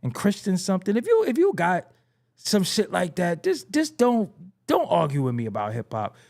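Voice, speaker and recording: A young man from the United States rants to his audience in a loose, profane ramble full of restarts and chuckles. His voice sits a touch high and swings widely in pitch as he gets worked up. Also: huge pitch swings, normal speed, a little mellow. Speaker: hip-hop commentary host. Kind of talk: casual rant to camera.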